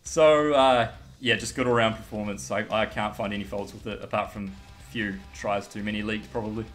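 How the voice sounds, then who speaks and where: A man's voice: fairly low pitch, fairly even intonation, fairly quick, faint music behind. A young man, giving blunt, casual rugby opinions with swearing and frequent laughs. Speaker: guest pundit.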